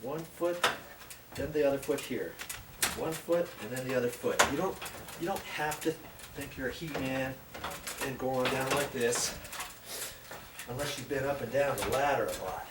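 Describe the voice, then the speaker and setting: Speaking at a moderate pace with long pauses, a man with a mid-range voice demonstrates a DIY task from a ladder outside. His plain-spoken explanations repeat themselves and are punctuated by "okay?", captured in a distant, roomy, noisy outdoor recording.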